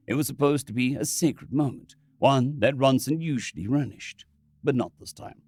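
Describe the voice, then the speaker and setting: A man's voice: mid-range voice, animated, moderate pace, creaky, a little mellow, no echo. A man narrating a science fiction story in a dramatic storytelling manner.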